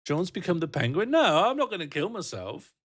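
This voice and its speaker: A man's voice: high-pitched, very animated, fairly quick, fairly bright tone, no room sound, studio quality. A man rambling and joking on a casual livestream, answering his chat and laughing often.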